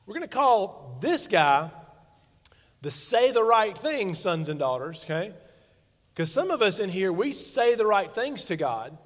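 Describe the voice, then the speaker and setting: A man's voice: high-pitched, very animated, a little slow. A man in his forties, a pastor preaching a sermon in a playful, conversational way and acting out quotes. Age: 40s. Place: church sanctuary stage. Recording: long reverb of a large hall.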